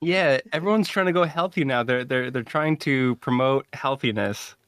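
A man's voice: medium pitch, moderate pace, fairly bright tone, smooth, dry recording, clean studio sound. A man co-hosting a podcast, teasing his friend in casual chat and laughing as he talks. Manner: teasing, laughs while talking. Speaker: podcast co-host.

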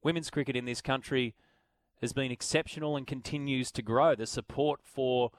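A man with an Australian accent hosting talkback sports radio, chatty, and animated when he reads out listener messages. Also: mid-range voice, moderate pace, no echo.

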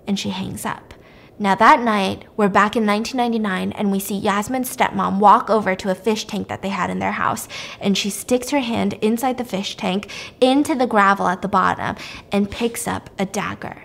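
A woman hosting a podcast, casually retelling a horror film's plot, acting out the lines and dropping to a hush for creepy moments. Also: medium pitch, moderate pace, creaky. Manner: animated, acts out quotes, drops to a hush for creepy parts. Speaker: podcast host. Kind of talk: casual film recap storytelling.

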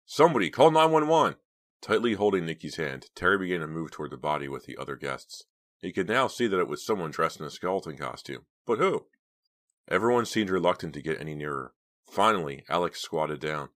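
A man with a very low, deep voice reads a horror audiobook in a steady, measured way. The sound is dry and close, with no room around it. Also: no room sound. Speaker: audiobook narrator. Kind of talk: audiobook narration.

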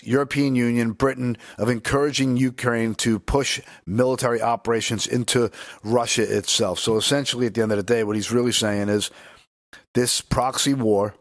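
A man's voice: medium pitch, no echo. Rambling male political talk co-host. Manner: rambling, with restarts, reading news aloud. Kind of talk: casual political commentary.

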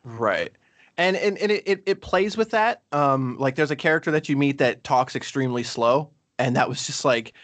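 A man's voice: medium pitch, brisk, a bit bright, no echo. A man co-hosting a casual game review chat, rambling with many fillers and restarts. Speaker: podcast co-host.

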